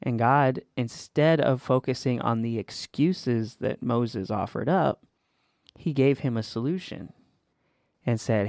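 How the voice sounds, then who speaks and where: A man in mid pitch hosts a casual faith podcast, earnest and encouraging as he tells stories. His voice sits close and dry on the mic, with no room sound at all. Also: unhurried, a little mellow, no echo. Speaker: podcast host.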